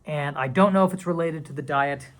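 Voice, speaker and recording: A man's voice: on the high side, a little fast. A man talking casually to camera in a vlog, rambling and playful, sometimes dropping into silly whispers and mock dramatic voices. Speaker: video creator.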